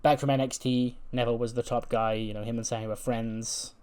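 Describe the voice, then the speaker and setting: A man's voice: mid-range voice, flat delivery, a little fast, darkish tone, smooth. A man casually narrating a wrestling management game in a chatty, rambling way. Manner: chatty, with many fillers. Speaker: video game let's play host. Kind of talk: casual let's play narration.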